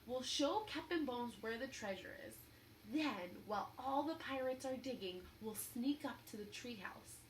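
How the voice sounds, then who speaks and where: A woman's voice: fairly high pitch, expressive, measured pace, slight background noise. A woman reading aloud, voicing a polite, earnest young boy in a children's story. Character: eager young boy, cautious and clever.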